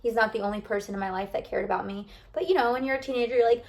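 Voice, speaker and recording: A woman's voice: on the high side, rapid-fire, creaky, few pauses, darkish tone. A young woman from the United States talking to camera in a rambling, confiding way, full of likes and restarts. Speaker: lifestyle vlogger. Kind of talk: casual heartfelt talk to camera.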